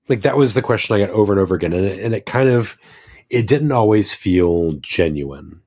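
A man's voice: on the low side, animated, a little fast, darkish tone. An American man in casual podcast chat, an enthusiastic and rambling storyteller. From United States.

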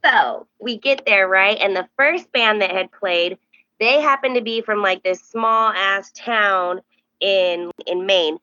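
A young woman hosting a podcast, telling a story in casual chat and acting out the quoted voices with high, animated bursts. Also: takes it slowly, dry recording, highs cut off. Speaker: podcast host.

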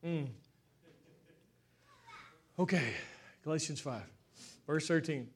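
Male pastor, high voice, heartfelt sermon delivery that swings between fervent and soft. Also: animated, moderate pace. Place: church stage with congregation.

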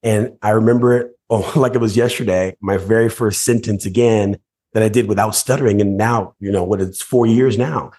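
A man with a low, husky voice tells a personal story as a podcast guest. He is an animated storyteller who slips into other voices and acts out the scenes. He speaks as a motivational speaker would. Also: normal speed.

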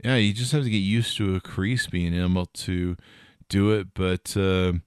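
A man's voice: deep voice, steady tone, unhurried, clear, resonant tone, no echo, clean studio sound. A middle-aged man hosting a podcast, chatting casually about tech news with rambling, jokey asides and lots of fillers. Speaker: podcast host.

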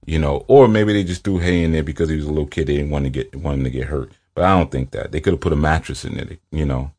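A man's voice: a bass voice, darkish tone. A man giving a loose, conversational commentary on a film, often checking in with the listener. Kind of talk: casual spoken commentary.

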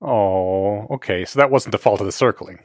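A man's voice: on the low side, moderate pace, no room sound, clean studio sound. A man hosting a podcast, asking curious, skeptical questions in a casual chat. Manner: curious, questioning, easily amused. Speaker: podcast host. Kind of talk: casual conversational interview.

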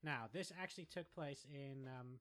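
A man's voice: medium pitch, normal speed, a bit bright. A man co-hosting a podcast, reading a news story aloud in a laid-back, amused, casual way. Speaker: podcast co-host.

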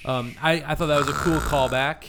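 A man's voice: fairly high pitch, steady tone, brisk, background noise. A man co-hosting a casual podcast, talking in a playful, nerdy way and posing quiz-style questions. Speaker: podcast co-host.

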